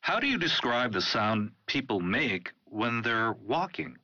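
A man's voice: medium pitch, measured pace, no echo, muffled recording. A man announcing segments of an educational program in a scripted way. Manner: lively, segment-introducing announcer delivery.

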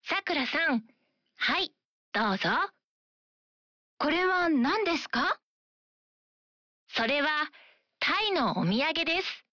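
A woman voicing young women in a short language-lesson skit, reading dialogue brightly. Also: high voice, sing-song, a little slow, pauses often, no room sound, pitched above the performer's own voice, heavily acted. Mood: friendly. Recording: dull lo-fi sound.

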